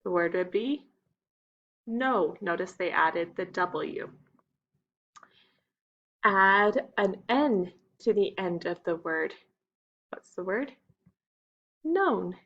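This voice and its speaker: A woman's voice: lowish voice, animated, slow pace, pauses often, a bit bright, muffled recording. A woman teaching young children a phonics lesson, patient and stretching out the key words.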